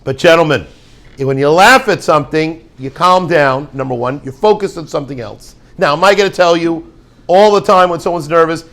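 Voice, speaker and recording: A man's voice: fairly high pitch, moderate pace, a bit bright. A man, a rabbi heading a yeshiva, giving an informal talk with rambling jokes and Yiddish words.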